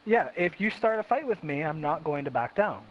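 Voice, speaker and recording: Talking briskly in a slightly high, sing-song voice, a host muses aloud in a casual chat, stressing and repeating his thoughts about himself. Faint hiss runs under the dull lo-fi recording.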